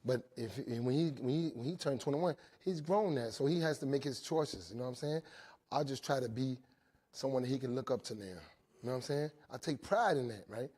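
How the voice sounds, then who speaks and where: A man in his forties shares his recovery story as a testimony talk to inmates, telling it in an animated way and checking in often with "right?" His mid-range voice is a little fast with a breathy edge.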